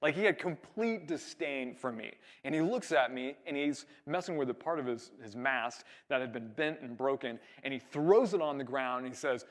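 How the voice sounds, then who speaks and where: A young man from California preaching a sermon, telling a story with lively acted-out dialogue. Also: medium pitch, normal speed, few pauses. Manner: animated storyteller, acts out quoted dialogue. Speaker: pastor.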